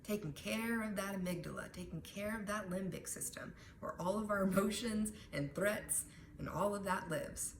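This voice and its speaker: A woman wellness educator teaching a lesson on calming techniques in a conversational way, often checking in with "right?". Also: medium pitch, normal speed. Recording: echoey room with background noise.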